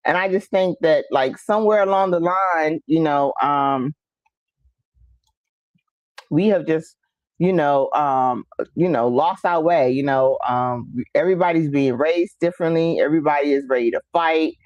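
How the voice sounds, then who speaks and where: Woman host, casual storytelling, laughs and mimics relatives, lowish pitch, dull lo-fi sound. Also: measured pace, darkish tone, dry recording. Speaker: show host reading viewer comments. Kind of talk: casual chat.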